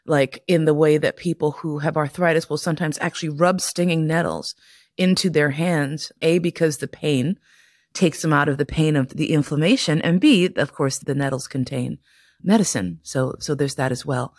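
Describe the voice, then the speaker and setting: Speaking at a moderate pace, a middle-aged female podcast host has a low, darkish voice captured in echo-free studio quality. She spins stories casually, cursing openly and laughing often as she goes.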